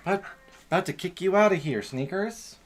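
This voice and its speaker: A man's voice: high voice, expressive, fairly quick, faint music behind. A man in his thirties chatting casually as he hosts a live stream and keeps stopping to scold a barking puppy. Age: 30s.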